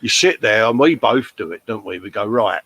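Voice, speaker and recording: A man's voice: on the low side, lively intonation, a little fast, a bit bright. A British man with an English accent, hosting a casual livestream chat, reading out viewer comments and calling people mate. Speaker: livestream host.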